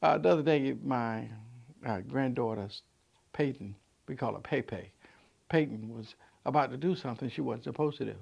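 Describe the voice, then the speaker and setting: A man in his sixties, a pastor giving a vlog sermon, conversational with stammered restarts, swinging from loud emphatic peaks to soft low asides. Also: moderate pace, vocal fry, breathy edge, lo-fi sound.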